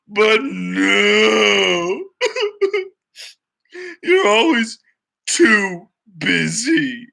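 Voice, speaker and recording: Storybook pony, sulky and whiny, played by a man in a high, bright, teary voice. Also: creaky, full character voice. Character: sulky, wounded talking pony.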